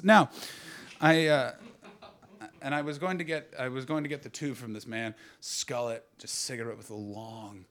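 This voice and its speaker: A Canadian man in his thirties performs stand-up, telling a story and bantering with the crowd. He swings between loud outbursts and low asides at a moderate pace.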